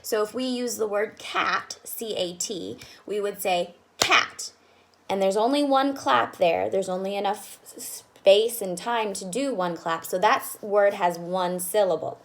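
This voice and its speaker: Woman teacher, patient, talks to kids, gravelly edge, sounds out words slowly. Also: mid-range voice, a little hiss or hum. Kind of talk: children's lesson.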